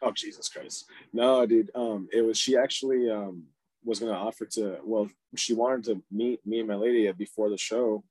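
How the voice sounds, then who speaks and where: A man's voice: fairly even intonation, moderate pace, a little mellow, breathy edge, no room sound, rough recording. A young man co-hosting a podcast, laid-back and swearing casually, keeping his voice down. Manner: laid-back, swears casually, speaks low so as not to wake someone. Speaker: podcast co-host. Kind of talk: casual chat.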